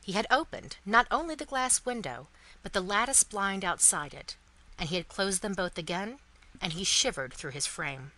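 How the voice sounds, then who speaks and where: A woman narrating a classic novel in an expressive, dramatic storybook reading for English learners. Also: mid-range voice, normal speed, poor audio.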